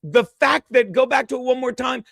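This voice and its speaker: Brash gossip co-host, man, very high voice, dry close sound, profane ranting. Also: moderate pace, vocal fry, a bit bright, dry recording. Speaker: livestream co-host. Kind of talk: gossip livestream chat.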